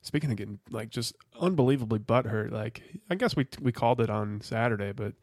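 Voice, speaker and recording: A man's voice: medium pitch, fairly quick, a little mellow, no room sound, studio quality. Rambling, profane podcast co-host man. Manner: rambling and profane, full of restarts and "like". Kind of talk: casual chat.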